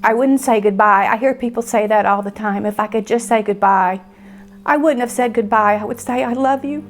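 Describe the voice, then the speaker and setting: A middle-aged woman telling of losing her son, halting and emotional, pausing often as she speaks. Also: mid-range voice, soft background music. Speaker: bereaved mother. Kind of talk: personal testimony interview.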